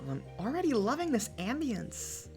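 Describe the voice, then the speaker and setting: A streamer chatting through a live game stream, moving between excited exclamations and mumbled asides. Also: medium pitch, normal speed. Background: faint lo-fi music.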